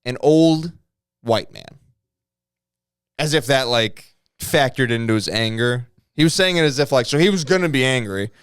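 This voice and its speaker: A man's voice: medium pitch, normal speed, clean tone, no room sound, studio quality. A young man co-hosting a comedy podcast, rambling and swearing in casual banter. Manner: rambling, animated, swears freely. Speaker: podcast co-host.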